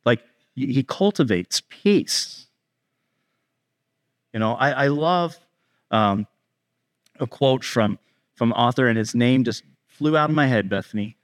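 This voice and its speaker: A male pastor giving a conversational sermon. He talks straight to the congregation, kids included, and acts out bits of dialogue in quick asides. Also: mid-range voice, lively intonation. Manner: speaks directly to kids in the congregation.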